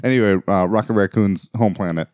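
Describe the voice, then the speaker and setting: A man's voice: lowish voice, darkish tone, no room sound, clean studio sound. A man co-hosting a podcast in casual chat, joking easily and sometimes fumbling for words. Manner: easygoing, joking, a bit halting. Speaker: podcast co-host.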